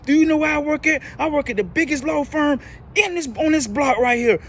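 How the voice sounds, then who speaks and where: A man's voice: extremely high pitch, brisk, slight background noise, voice pushed up. A man doing an indignant, scolding woman. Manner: scolding, forceful. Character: indignant angry woman office worker.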